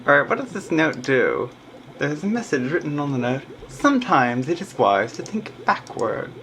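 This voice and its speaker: A woman playing through an adventure game, reading its text aloud between relaxed murmured fillers. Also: sits low, normal speed. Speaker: let's play player.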